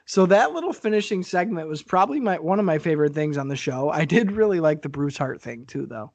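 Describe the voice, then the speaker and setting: A man's voice: a little high, animated, a little fast, dry recording. A man co-hosting a podcast in casual, profane chat, laughing often and talking with animation. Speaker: podcast co-host.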